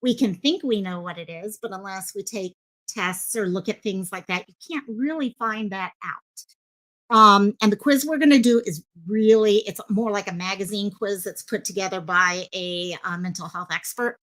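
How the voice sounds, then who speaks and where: A woman's voice: mid-range voice, normal speed, fairly bright tone. A woman hosting a casual live stream, chatting with viewers and greeting them by name in a rambling, filler-heavy way. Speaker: livestream host. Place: home streaming setup in Hawaii. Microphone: headphones with mic at desk.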